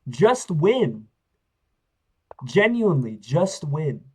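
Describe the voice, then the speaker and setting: A man's voice: fairly high pitch, big pitch swings, extremely slow, a little mellow, husky, rough recording. A man streaming chess games live, talking to himself and his viewers as he plays, swinging between hype and frustrated muttering. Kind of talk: live-stream commentary while playing.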